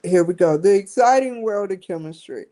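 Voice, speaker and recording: A woman's voice: mid-range voice, lively intonation, normal speed, warm tone. A woman hosting a casual vlog, talking straight to her viewers in a chatty way and often breaking into laughter. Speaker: vlogger and show host. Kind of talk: casual vlog talk to camera.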